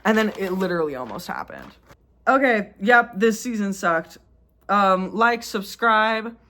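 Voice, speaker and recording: A young woman vlogging casually, ranting in an exasperated, animated way with lots of fillers. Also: mid-range voice, measured pace. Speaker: YouTuber. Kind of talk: casual vlog commentary.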